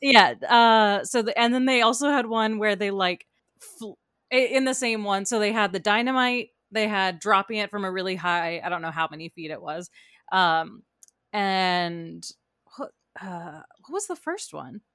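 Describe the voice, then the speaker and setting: A woman co-hosting a podcast, chatting casually and animatedly about TV shows with quick asides. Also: mid-range voice, a bit bright, no echo, studio quality. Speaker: podcast co-host.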